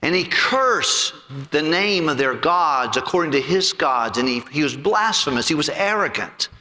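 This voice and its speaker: A man preaching a sermon, retelling a story in an animated way and often repeating words as he goes. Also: fairly high pitch, moderate pace, in a large hall.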